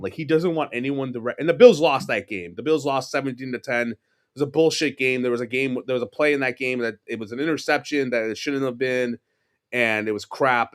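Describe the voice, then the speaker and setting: A man in his forties with a New York accent, a podcast guest telling rambling stories in casual chat, swearing and laughing as he goes. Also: medium pitch. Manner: rambling, swears freely, laughs mid-story.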